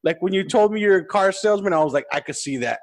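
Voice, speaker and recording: Host: man, casual and hyped, swears freely, slightly raised pitch. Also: expressive, fast talker. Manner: laid-back, enthusiastic, profane. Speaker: podcast host. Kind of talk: casual podcast chat.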